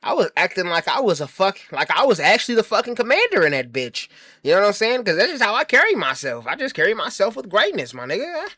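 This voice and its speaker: A man's voice: high-pitched, wildly swooping pitch, quick pace, pushed and bright, no room sound, studio quality. A man giving a comedic monologue, bragging in a brash, profane, mock-grandiose way and rambling through self-interrupting asides. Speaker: comedy commentary host.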